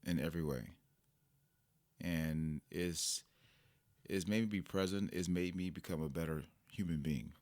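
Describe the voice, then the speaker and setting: A man's voice: low voice, a little slow, pauses often, a little mellow, dry recording. A man guest on a parenting podcast, telling family stories and acting out exchanges with animation. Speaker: podcast guest, personal trainer and father. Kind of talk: conversational podcast interview.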